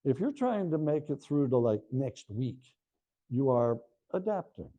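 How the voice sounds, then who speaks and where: A man's voice: medium pitch, big pitch swings, a little slow, dull audio. An older man giving a lecture about his book to a live audience, telling stories with chatty asides to the listeners. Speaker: author giving a book talk.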